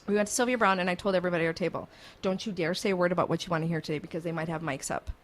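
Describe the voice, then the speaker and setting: A woman's voice: lowish voice, steady tone, racing. Chatty woman radio host telling a story. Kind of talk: casual radio chat, storytelling. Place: radio studio.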